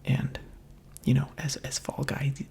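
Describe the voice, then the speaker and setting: Mellow, gravelly whispering man. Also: mid-range voice, completely flat delivery, a little slow. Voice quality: soft, mostly unvoiced whisper. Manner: chatty, rambling and playful, with filler words. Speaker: gaming ASMR creator. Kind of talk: whispered ASMR gaming commentary.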